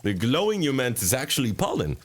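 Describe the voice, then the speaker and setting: A man voicing a polite, quirky male tea shop mentor who speaks formally in oddly broken phrasing, with a gentle, unhurried and mildly teasing manner. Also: mid-range voice, huge pitch swings. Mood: explaining.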